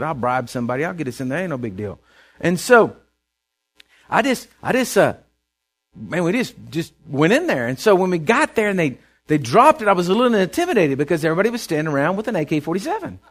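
Texan male preacher, slightly high voice, very animated delivery, folksy sermon storytelling with repeated words. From Texas.

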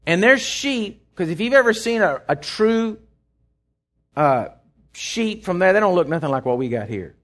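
A middle-aged man with a Texan accent, preaching a sermon in a folksy storytelling way, swinging from loud to hushed. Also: high-pitched, very animated, moderate pace. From Texas. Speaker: pastor.

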